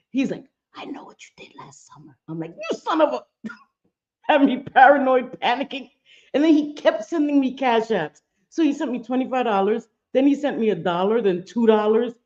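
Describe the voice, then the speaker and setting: A woman's voice: on the high side, a little mellow, dull audio. Chatty woman streaming from home, swearing and laughing. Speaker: livestream host. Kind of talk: casual livestream chat. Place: home room with bright lights.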